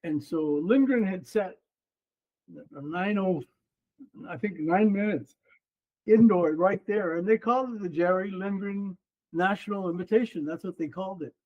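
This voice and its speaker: A man in his seventies, a former runner and coach, telling stories as a guest on an interview podcast in a lively, animated way. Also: high-pitched, normal speed, lo-fi sound. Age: 70s. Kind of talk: casual storytelling interview.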